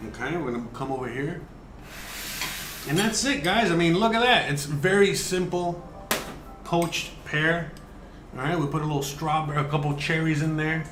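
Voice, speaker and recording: A man's voice: fairly high pitch, moderate pace, pauses often, reverberant, music in the background. A man hosting a casual cooking livestream, chatting and explaining each step, cursing now and then. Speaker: cooking show host.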